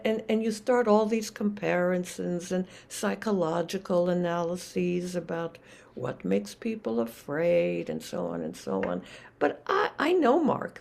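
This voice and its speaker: Older woman with a gravelly voice giving a dharma talk. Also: fairly low pitch, a little mellow. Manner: reflective, searching, with many restarts and fillers. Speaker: Zen teacher.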